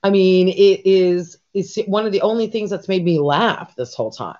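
A woman's voice: mid-range voice, normal speed, a little mellow. A woman co-hosting a podcast in casual chat, rambling and swearing freely, with lots of fillers. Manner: rambling, profane, many fillers. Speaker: podcast co-host. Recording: dull lo-fi recording.

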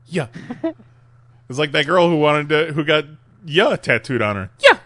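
A man co-hosting a podcast, chatting casually and laughing through excitable reactions. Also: a little high, measured pace, dry recording. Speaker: podcast co-host. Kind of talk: casual chat.

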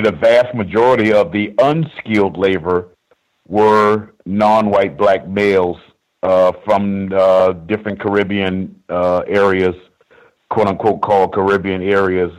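A male caller on a radio show, with a low, deep voice. He speaks slowly and haltingly, and his sentences break up with long "uh" pauses. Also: rough recording. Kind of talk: call-in radio comment.

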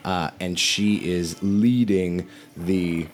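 A man narrating as game master in a tabletop game, relaxed and rambling. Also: sits low, slow, a little hiss or hum.

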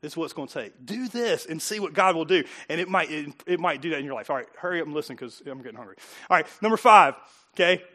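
Bright, high-voiced preaching man. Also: expressive, fast. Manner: punchy, conversational preaching with rhetorical questions. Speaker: pastor. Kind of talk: sermon. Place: church.

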